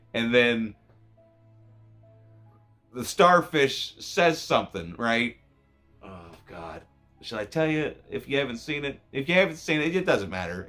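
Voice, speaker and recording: A man giving a casual, rambling movie review, swearing often and cutting himself off mid-thought. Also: bright, forceful tone. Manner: profane, rambling, self-interrupting; voice jumps high when emotional.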